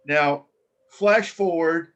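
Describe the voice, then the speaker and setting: An older man, a former coach, telling stories in a casual interview, animated and full of restarts. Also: on the high side, extremely slow, poor audio. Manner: animated storyteller with many restarts.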